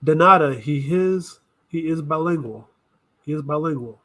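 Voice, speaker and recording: Rambling man reacting, slightly high voice. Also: normal speed, fairly bright tone, faint music behind. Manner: rambling, thinking aloud, self-correcting. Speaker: reaction video host. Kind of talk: casual reaction commentary.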